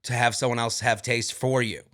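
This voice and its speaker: A man's voice: medium pitch, moderate pace. A man co-hosting a podcast in casual chat, joking and reading listener emails aloud. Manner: animated, jokey, reads listener emails aloud. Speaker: podcast co-host.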